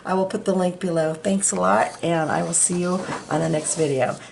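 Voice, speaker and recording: A middle-aged woman talking through a drawing lesson at her desk, chatty and self-deprecating. Her voice has a gravelly fry, and there is a faint hiss in the room behind her. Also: lowish voice, moderate pace, darkish tone. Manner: chatty, self-deprecating, talks while working. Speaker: art tutorial host. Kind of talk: casual real-time drawing tutorial.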